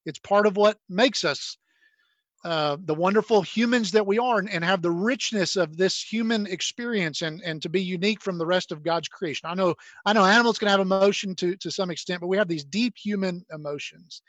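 Male pastor, high-pitched, relaxed conversational preaching with frequent restarts, close dry mic. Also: fairly quick, no room sound. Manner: conversational, many repeated "and"s and restarts. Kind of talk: sermon with scripture reading.

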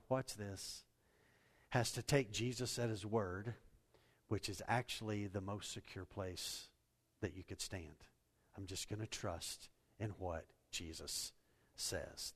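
A man's voice: steady tone, takes it slowly. Man preaching in a reverberant hall. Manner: dynamic preaching, swinging from soft and low to loud and raised. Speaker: pastor. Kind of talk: sermon. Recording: long reverb of a large hall.

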